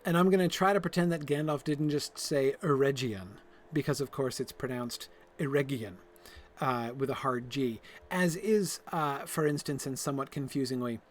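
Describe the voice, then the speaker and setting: Faint music plays behind a medium-pitched man speaking at normal speed as he hosts a stream and plays a game. His casual talk digresses constantly, full of fillers and restarts, and he laughs at himself enthusiastically.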